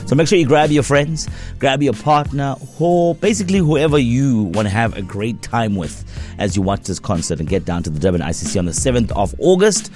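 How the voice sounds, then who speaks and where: A man co-hosting a breakfast radio show, chatting casually with animated, slangy banter. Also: brisk, faint music behind. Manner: animated, slangy, pitch jumping up for emphasis.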